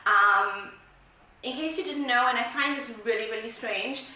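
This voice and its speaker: A woman's voice: fairly high pitch, normal speed, bright, forceful tone, a little hiss or hum. A South African woman vlogging, casual and rambling, laughing at herself as she chats to the camera. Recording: very echoey room, mic far off.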